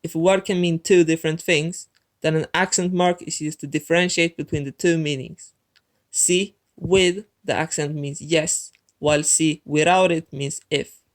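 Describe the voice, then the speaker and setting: A man teaching a language lesson in a clear, methodical scripted narration, talking straight to the viewer. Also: on the high side, steady tone, normal speed.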